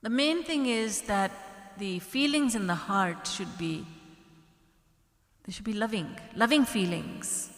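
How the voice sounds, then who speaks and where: A woman spiritual teacher giving a gentle devotional discourse, softly quoting prayers. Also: medium pitch, takes it slowly. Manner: gentle, devotional, quotes prayers in a soft pleading tone. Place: large hall at a retreat. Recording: echoey hall with long reverb.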